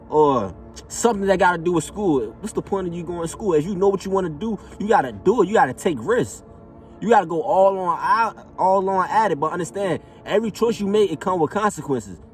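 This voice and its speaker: A man's voice: high-pitched, far from the mic. A man giving a casual, emphatic motivational monologue, repeating himself and checking in with "know what I'm saying". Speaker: motivational vlogger.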